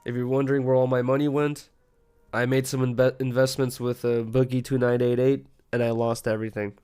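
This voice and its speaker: Brief: American male streamer, mid-pitch, loose and profane late-night chat, light music underneath. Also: flat delivery, fairly quick, mellow, smooth. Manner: rambling, profane, laughs easily.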